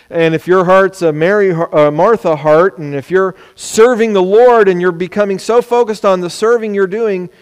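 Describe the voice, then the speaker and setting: A man preaching a sermon, animated, sometimes acting out the words of people he quotes. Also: on the high side. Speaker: pastor. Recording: long hall reverb.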